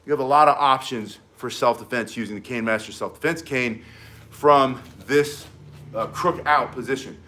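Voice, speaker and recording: A man's voice: medium pitch, normal speed, bright, forceful tone, a little hiss or hum. A man teaching cane self-defense, talking intensely while he demonstrates the moves. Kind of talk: demonstration lesson.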